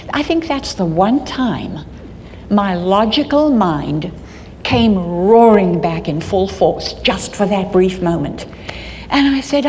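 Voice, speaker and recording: An older woman speaking at a conference, telling a personal story in a halting way, often restarting her sentences. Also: mid-range voice, darkish tone. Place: conference hall. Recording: long hall reverb, faint background noise.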